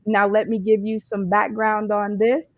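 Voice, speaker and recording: A woman's voice: medium pitch, flat delivery, a little slow, dry recording, phone-quality sound. A woman hosting a comedy game show for dads, teasing the panel with a playful manner. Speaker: host.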